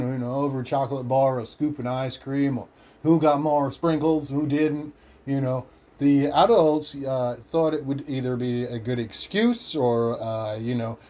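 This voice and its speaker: A man's voice: mid-range voice, a little mellow. A man with an Australian accent, telling a story on his podcast in a rambling way, cursing freely and acting out what others said. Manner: rambling, profane, acts out quoted voices. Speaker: podcast host. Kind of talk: casual storytelling.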